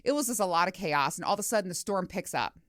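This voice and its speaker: Woman, middle-aged, podcast host, casual chat, lower pitch, dry studio sound, storytelling. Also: expressive, quick pace, a bit bright, no room sound. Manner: chatty storytelling with swearing and quoted asides. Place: home studio.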